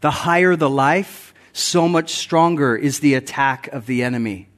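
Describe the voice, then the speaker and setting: Man preaching a relaxed conversational sermon. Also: medium pitch, measured pace. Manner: conversational, self-deprecating humor, chuckles at own stories; acts out quotes with raised voice. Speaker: guest pastor. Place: church sanctuary.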